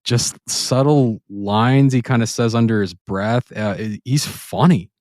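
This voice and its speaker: A man's voice: a little slow, a little mellow, no echo, studio quality. A man co-hosting a podcast, chatting casually and enthusiastically about a movie he rewatched, laughing often and acting out funny lines. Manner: enthusiastic, laughs often, acts out quoted lines in high voices. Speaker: podcast co-host. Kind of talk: casual film review chat.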